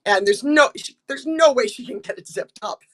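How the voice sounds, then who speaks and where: A woman's voice: a little high, expressive, moderate pace. Chatty older woman telling stories. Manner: chatty, many ums and restarts, acts out quotes. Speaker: actress, interview guest. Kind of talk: casual interview storytelling.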